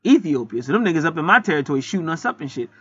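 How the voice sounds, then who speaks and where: A man's voice: on the high side, very animated, racing, fairly bright tone, breathy edge, muffled recording. A man, preaching a blunt, profane spiritual teaching monologue that builds to heated outbursts.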